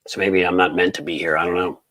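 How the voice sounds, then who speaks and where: This American livestream host reads viewer chats fast and flat in a deep, slightly bright voice. His political commentary is casual, rambling, angry and sarcastic, packed with fillers and restarts, and the recording quality is low.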